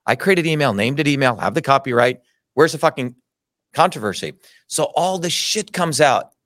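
A man's voice: medium pitch, animated, normal speed, a bit bright, no echo, clean studio sound. Indignant, profane man telling his story. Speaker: interview guest. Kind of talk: heated personal storytelling.

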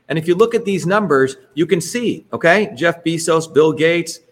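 A man presenting to an audience in a rambling, emphatic way, full of digressions and tag questions. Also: fairly high pitch. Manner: emphatic, digressive, keeps asking "right?" and inserting "by the way". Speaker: presenter leading an online talk.

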